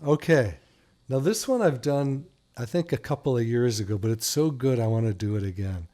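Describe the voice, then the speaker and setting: A man's voice: medium pitch, animated, normal speed, mellow. A man hosting a talk radio show, joking and telling stories in a casual, playful way. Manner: playful, joking, teasing his co-host. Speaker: radio show host, doctor.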